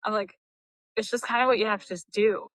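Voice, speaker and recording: A middle-aged woman co-hosting a podcast, explaining her view in a measured casual chat. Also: mid-range voice, fairly even intonation, a bit bright, no room sound, poor audio. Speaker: podcast co-host.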